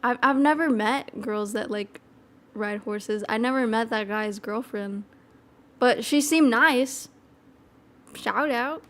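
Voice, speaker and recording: A woman's voice: on the high side, takes it slowly. A young woman chatting casually as a streamer reading chat, rambling, full of fillers and giggles.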